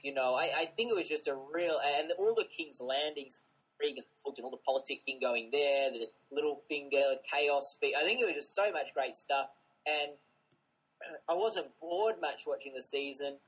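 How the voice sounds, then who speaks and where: A man's voice: a little high, moderate pace, breathy edge, low-quality recording. A man co-hosting a film podcast, chatting enthusiastically and rambling. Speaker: podcast co-host. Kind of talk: casual chat.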